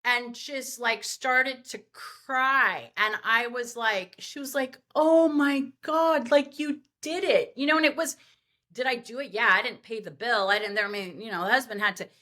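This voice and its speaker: A woman event planner telling party stories as a podcast guest, animated and rambling with lots of fillers. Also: on the high side, normal speed. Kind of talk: podcast interview storytelling.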